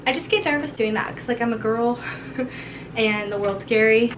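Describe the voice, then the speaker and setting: Sick, hoarse young woman, chatty vlog. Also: on the high side, normal speed, recorded from a distance. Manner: chatty, rambling, lots of "like". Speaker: vlogger and mother. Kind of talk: casual home vlog talk. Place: home kitchen and garden. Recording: roomy, off-mic, household noise.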